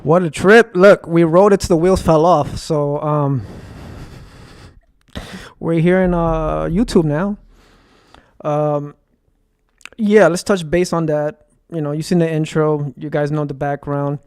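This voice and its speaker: This streamer, a man with a slightly high voice, rants in an agitated, profane ramble full of fillers and repeated phrases. He speaks slowly with long pauses and fairly even intonation, his tone a little mellow, clear and resonant, in clean studio sound with no room echo.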